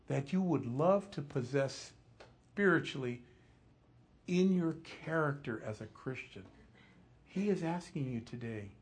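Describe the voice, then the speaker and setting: A man preaching an expository sermon, telling the story with animation and dropping low and soft for emphasis. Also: slight background noise. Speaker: pastor.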